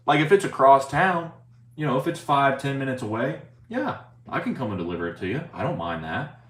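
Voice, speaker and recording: A man's voice: medium pitch, very animated, fairly quick, a bit bright. A young man chatting casually on a live stream, rambling and swearing, often saying "bro" and reading viewer chat aloud. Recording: roomy, faint ambient noise.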